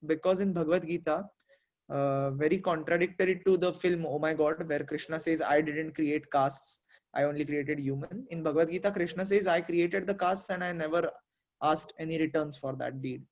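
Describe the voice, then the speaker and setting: A man's voice: fairly high pitch, fairly quick, dull audio. A man in a casual group discussion, explaining his ideas thoughtfully with examples and many fillers. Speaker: discussion participant.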